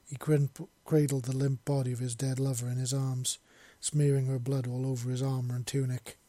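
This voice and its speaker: Male narrator, warm dark tone, dry close sound, reads fiction and acts out the lines. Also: mid-range voice, little pitch movement, normal speed, no echo. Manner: acts out dialogue, shouting in grief scenes. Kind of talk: dramatic story reading.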